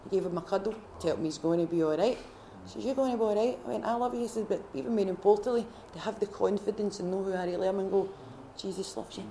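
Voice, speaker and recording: A Scottish woman at a faith retreat, sharing her personal testimony in a heartfelt, halting way with many restarts. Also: medium pitch, dark tone, a little hiss or hum. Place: retreat gathering room.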